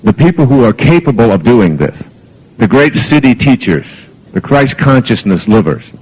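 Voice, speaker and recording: A man's voice: lowish voice, lively intonation, moderate pace, darkish tone, breathy edge, poor audio. An older man from the United States giving a rambling, anecdotal motivational talk to an audience. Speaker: motivational speaker.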